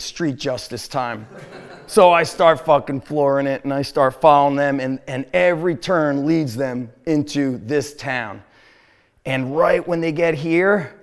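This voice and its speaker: A middle-aged man with a New Jersey accent tells a story in a casual, animated way, swearing and laughing often. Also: on the high side, clean tone. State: sick, throat sore. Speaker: gym owner telling a story.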